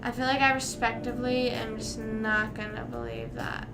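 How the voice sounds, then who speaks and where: A high-pitched young woman chats casually with her stream audience, reading rhymes aloud and humming bits of them. Music plays clearly behind her voice. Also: flat delivery, moderate pace. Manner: chatty, reads rhymes aloud to chat, sings snippets. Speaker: livestream host. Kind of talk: casual livestream chat.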